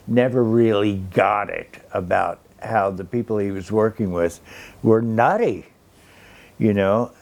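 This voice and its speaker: A man's voice: fairly low pitch, darkish tone. A man in his sixties from Kentucky, telling fond, gossipy stories to a live audience at an exhibition launch and calling people darling. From Kentucky, USA. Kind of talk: anecdotal storytelling talk.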